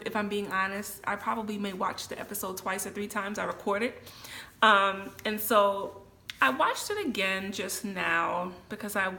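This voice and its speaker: Bright-voiced woman in casual vlog chat. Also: mid-range voice. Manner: chatty, uses fillers, talks to viewers directly. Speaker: vlogger.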